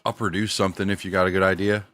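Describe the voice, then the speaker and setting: A man's voice: deep voice, little pitch movement, very fast, fairly bright tone, a little hiss or hum. A middle-aged man streaming a game, chatting casually in slangy talk and laughing often. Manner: laid-back slangy, laughs a lot. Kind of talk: casual live-stream chat.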